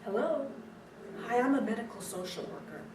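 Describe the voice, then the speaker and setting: A woman voicing a brisk, matter-of-fact female medical social worker, in a raised voice. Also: fairly high pitch, noisy background, voice pushed up, lightly acted. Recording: roomy distant recording with faint ambience.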